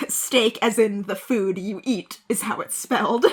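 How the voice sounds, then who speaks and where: A woman's voice: mid-range voice, a little slow, husky. A woman co-hosting a podcast, reading fan fiction aloud with theatrical delivery, giggling and joking between lines. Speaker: podcast co-host.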